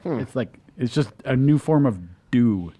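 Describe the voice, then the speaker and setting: A man's voice: medium pitch, animated, normal speed, warm tone, husky. A man on a casual podcast panel, curious and asking questions.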